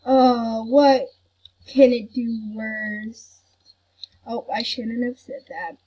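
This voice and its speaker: A woman's voice: on the high side, steady tone, drawn-out words, breathy edge, muffled recording. A woman hosting a gaming channel, chatting casually over gameplay and grumbling that she is not mad. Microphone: computer recording mic.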